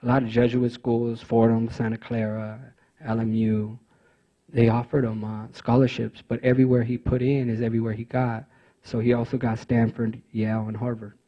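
A man giving a speech at a conference, telling personal stories in an earnest, halting way with many fillers and restarts. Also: mid-range voice, level tone, muffled recording. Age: adult father of teenage sons. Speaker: conference speaker.

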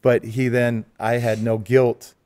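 Man, pastor, co-host, earnest, emphatic, smooth resonant voice, dry close sound. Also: mid-range voice, level tone, slow pace, a little mellow, dry recording. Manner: earnest, emphatic, talks over others. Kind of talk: conversational storytelling.

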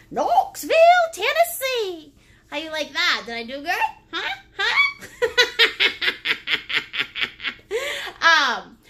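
A silly, joking woman leads a live painting session and greets viewers by name. Her voice sits very high and bright, with wide, lively swings in pitch. She takes her time, drawing out her words. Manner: animated, breaks into laughs and silly sounds. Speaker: painting instructor and livestream host. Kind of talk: lively livestream painting class.

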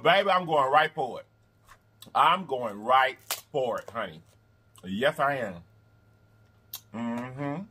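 A man hosting a mukbang eating video in casual chat, animated and repetitive, calling his viewers y'all and honey. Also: a little high, a little hiss or hum. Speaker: mukbang host. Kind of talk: casual eating vlog talk.

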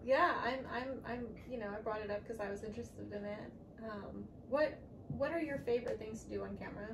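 A woman interviewer chats casually, hesitant and quick to laugh. She sits some way from the mic, so her voice sounds distant and roomy. Clear background noise runs underneath. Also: on the high side. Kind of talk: casual conversation. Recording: distant mic in an echoey, noisy room.

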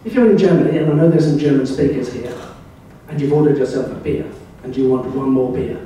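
An older man from England giving a slide presentation at a club, telling wry, anecdotal stories in a relaxed way. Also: medium pitch, fairly quick, recorded from a distance, slight background noise. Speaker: club speaker. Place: club meeting room. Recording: very echoey room, voice heard from afar.

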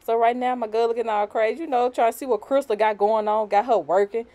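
A woman's voice: fairly high pitch, fairly even intonation, fast talker, dark tone. Giggly, slangy woman narrating a wig install. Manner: slangy and chatty, with frequent "you know" and "y'all"; giggly and nervous, breaking off to laugh and apologize. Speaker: guest voiceover narrator for a wig install tutorial. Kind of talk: casual, unscripted voiceover narration.

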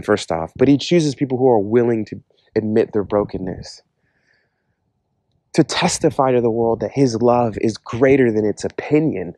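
A man's voice: medium pitch, darkish tone, no room sound. A man giving an earnest, conversational personal testimony about faith, often using casual fillers. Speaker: Christian speaker giving a testimony.

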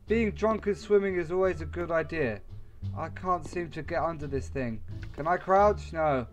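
A man's voice: fairly high pitch, moderate pace, faint music behind. A young man commentating a video game, swearing and exclaiming as he rambles along. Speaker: gamer. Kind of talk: let's play commentary.

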